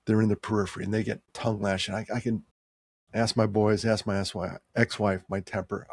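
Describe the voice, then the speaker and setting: A man in his sixties tells a personal story, heartfelt and conversational, pushing certain words with rising emphasis. His voice is gravelly with a husky edge, and the recording is dry and close. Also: fairly low pitch, fairly even intonation, a little fast, a little mellow, no echo. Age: 60s. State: tearing up.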